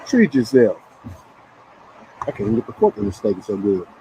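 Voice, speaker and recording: A man chatting casually with viewers while he eats, relaxed and joking. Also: fairly low pitch, brisk, noisy background. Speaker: vlogger. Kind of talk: casual live-stream chat while eating.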